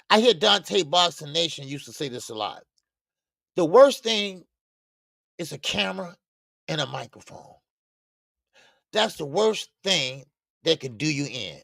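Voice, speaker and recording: A man hosts a boxing livestream in a slow, slangy, rambling way, greeting viewers in the chat by name. His voice is gravelly and swings widely in pitch, and it sounds dry and close. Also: a bit bright, no room sound. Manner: rambling with stammered restarts. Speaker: boxing show host. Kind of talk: casual live-stream talk.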